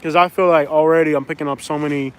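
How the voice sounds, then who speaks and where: A man's voice: on the high side, steady tone, fast talker, clear, resonant tone. A man from Florida hosting a casual livestream outdoors, rambling and chatting with viewers. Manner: rambling, chatty, reads viewer comments aloud. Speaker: livestream host. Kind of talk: casual live chat. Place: outdoors in a suburb. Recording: faint outdoor traffic noise.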